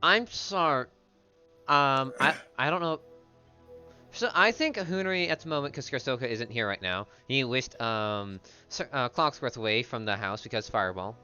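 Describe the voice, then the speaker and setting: A male player in a tabletop game, excitable and stammering as he talks. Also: mid-range voice, moderate pace, dull audio, faint music behind.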